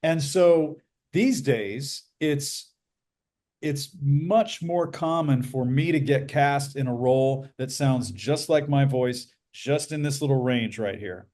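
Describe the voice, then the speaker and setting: A middle-aged man talks as a podcast guest in a deep bass-baritone voice. His pitch sits in the middle for a man. He is measured and thorough, and he walks through his points with examples in an easy, casual tone. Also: mellow. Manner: measured, explains at length with examples. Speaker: voice actor guest. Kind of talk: casual interview talk.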